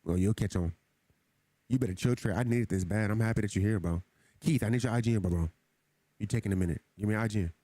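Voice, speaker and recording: A man chatting casually with viewers while he streams a game has a fairly low, warm voice and talks fast, with no echo. His tone is earnest and preachy, and he tends to repeat himself.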